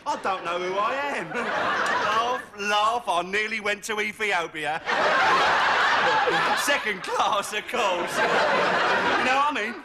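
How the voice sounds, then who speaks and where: A man's voice: high-pitched, expressive, slow. An actor playing a chummy, rambling cockney arms dealer with a Cockney accent, chuckling through his patter, on a noisy old TV soundtrack. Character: brash cockney male arms dealer, jokey wide boy.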